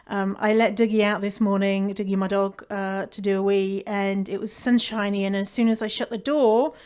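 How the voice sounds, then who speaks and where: A woman hosting her own podcast, talking in a chatty, playful and upbeat way from home, with lots of fillers. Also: medium pitch. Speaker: podcast host. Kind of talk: casual podcast monologue. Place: at home indoors.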